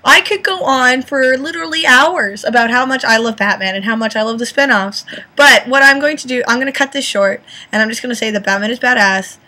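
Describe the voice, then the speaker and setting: Bright-voiced young woman ranting casually. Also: on the high side, a little fast. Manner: enthusiastic, profane, rambling with restarts. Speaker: vlogger. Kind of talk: casual fan rant.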